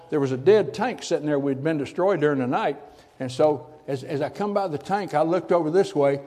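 Older man telling a dramatic story, mellow voice, long hall reverb. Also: fairly high pitch. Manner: drops from loud to hushed near-whisper for effect. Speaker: speaker giving a testimony. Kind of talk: dramatic personal storytelling to an audience.

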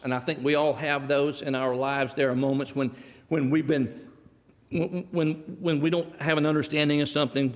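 A middle-aged man preaching a sermon in a church, telling stories in a folksy way and acting out the dialogue himself. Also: medium pitch. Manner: folksy storytelling, acts out dialogue. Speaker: pastor. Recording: long hall reverb.

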